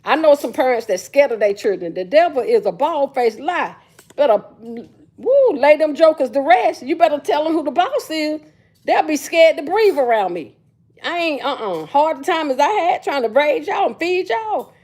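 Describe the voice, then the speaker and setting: A woman's voice: sits high, animated, moderate pace, darkish tone. A middle-aged woman hosting a casual livestream chat, telling stories in a blunt, sassy way full of slang. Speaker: livestream host.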